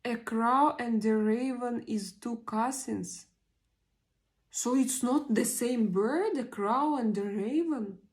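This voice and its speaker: Her voice sits on the high side and sounds a little mellow. A woman in her 40s whose first language is Russian, she reads viewer comments on a casual livestream, halting and pausing a lot as she gropes for English words.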